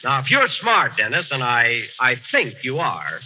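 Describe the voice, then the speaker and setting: A man's voice: mid-range voice, huge pitch swings, moderate pace. A man hosting a 1940s radio comedy, vain and indignant, hesitating with uh's. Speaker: comedian host. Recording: dull old radio broadcast.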